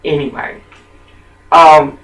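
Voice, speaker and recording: An older man in a rambling personal monologue, jumping between thoughts and swinging from muttering to loud outbursts. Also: a little high, flat delivery, slow, poor audio.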